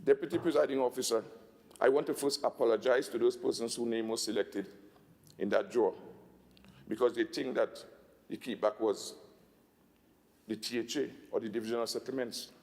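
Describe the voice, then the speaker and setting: A man with a Tobagonian accent giving a budget speech in a legislative assembly, emphatic, slowing down to stress figures. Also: mid-range voice, steady tone, a little mellow, in a large hall. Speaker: assembly secretary.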